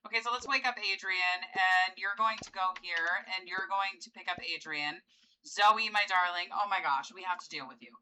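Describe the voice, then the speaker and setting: A woman's voice: on the low side, normal speed, sharp tone, slight background noise, poor audio. A woman giving casual gameplay commentary, chatty and coaxing as she pleads with her game characters. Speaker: gameplay video host.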